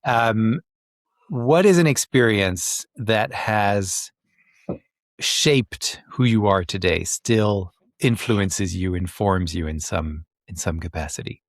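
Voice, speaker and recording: A male podcast host with a fairly low voice welcomes guests and asks questions. He is friendly but hesitant, with many ums and repeats. The sound is dry. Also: slow, dry recording. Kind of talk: interview hosting.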